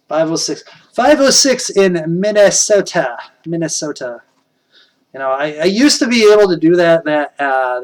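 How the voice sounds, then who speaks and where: A middle-aged man talks loosely to his live stream audience and answers chat messages as they come in. He rambles and chuckles often. His voice sits a bit high for a man. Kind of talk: casual live stream chat, reading viewer comments.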